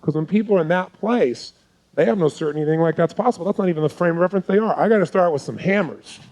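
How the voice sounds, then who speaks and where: Male seminar coach, slightly high pitch, intense, keeps quizzing the audience with rhetorical questions. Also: very fast, darkish tone, rough recording. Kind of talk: live seminar teaching.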